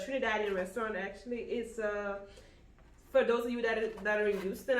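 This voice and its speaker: A young woman from Guyana co-hosting a casual eating vlog, chatty and quick to laugh. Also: medium pitch, fairly bright tone, a little hiss or hum. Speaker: vlog co-host. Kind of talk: casual mukbang chat. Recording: echoey room.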